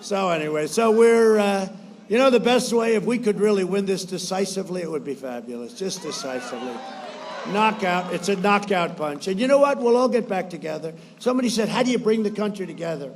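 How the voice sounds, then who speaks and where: A man giving a rambling, boastful campaign rally speech, repeating phrases, shouting at times and mimicking others in quotes. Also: high-pitched, expressive, brisk, a little hiss or hum. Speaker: politician addressing supporters.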